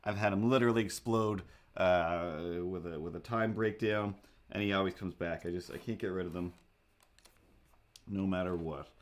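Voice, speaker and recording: A young man with a lowish voice rambles through casual livestream chat, cracking self-deprecating jokes as he fiddles with his setup. He talks in a loose, unscripted way, full of asides. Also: steady tone, normal speed. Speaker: livestream host. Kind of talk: casual chat while setting up a drawing stream.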